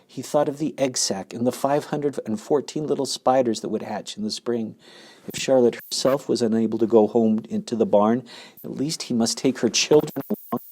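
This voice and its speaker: Expressive male storybook narrator. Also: mid-range voice, normal speed, breathy edge. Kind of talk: storybook reading aloud.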